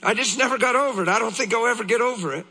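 A man preaching a sermon with passion, often shouting, then dropping low and slow. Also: slight background noise. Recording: long hall reverb.

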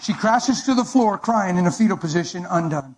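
A man's voice: high-pitched, animated, a little fast, noisy background. A man preaching, giving a dramatic, emphatic testimony. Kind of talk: sermon testimony.

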